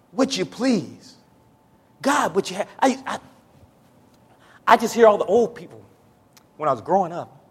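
A man preaching a sermon in a church, building from low, drawn-out talk to shouted, pleading prayer. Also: husky. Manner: Southern-style preaching cadence, says y'all. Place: church sanctuary. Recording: echoey church hall.

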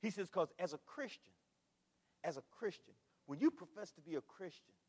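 An older male pastor preaches with a high, lively voice that swings widely as he builds through rhetorical questions and repeated phrases. His words ring out with a long reverb trailing through the church sanctuary. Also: moderate pace, breathy edge. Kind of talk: sermon.

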